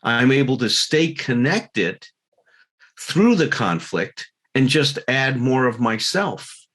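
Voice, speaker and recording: A man's voice: medium pitch, big pitch swings, takes it slowly, fairly bright tone. A man giving a talk to a recovery group, earnest, laughing at himself now and then and acting out little quarrels. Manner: earnest, acts out quarrels in quoted voices.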